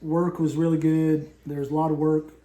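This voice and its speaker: Fifties man, folksy rambling vlog co-host, high-ish but mellow voice, echoey room. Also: completely flat delivery, normal speed. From southern West Virginia. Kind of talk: casual chat.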